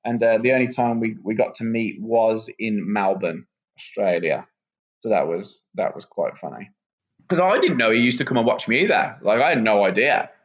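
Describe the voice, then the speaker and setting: A wrestler, relaxed and rambling with lots of ums, chatting as a guest on a podcast. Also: male voice, on the low side, moderate pace. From England. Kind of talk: casual podcast interview. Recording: muffled lo-fi sound.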